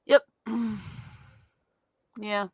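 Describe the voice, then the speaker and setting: A woman's voice: mid-range voice, fairly even intonation, drawn-out words, slightly rough, no echo. A woman with a Southern US accent, co-hosting a podcast in casual chat, chatty and laughing often. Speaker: podcast co-host. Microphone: studio mic.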